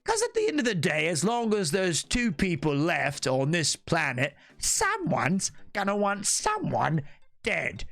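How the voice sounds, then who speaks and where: A man doing an impression of a gruff, laconic middle-aged sniper from a video game, with a put-on Australian accent and a slow, matter-of-fact drawl. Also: sits high, wildly swooping pitch, a bit bright, exaggerated voice.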